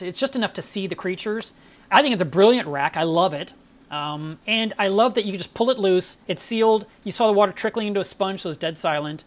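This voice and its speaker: A woman hosting a live stream, chatting casually and telling stories with enthusiasm. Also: mid-range voice.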